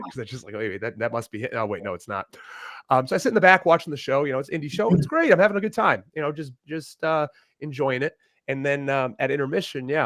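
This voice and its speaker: Animated man telling stories, dry sound. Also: mid-range voice, dry recording. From Rhode Island. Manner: animated, laughing storyteller with frequent restarts. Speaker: podcast guest, professional wrestler. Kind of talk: casual storytelling interview.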